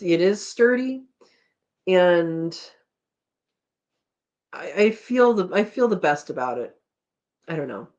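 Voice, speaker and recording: A woman's voice: mid-range voice, highs cut off. Chatty woman hosting a live chat. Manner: chatty, rambling, laughs often, reads comments aloud. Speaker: homesteading live chat host. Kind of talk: casual live chat reading viewer comments.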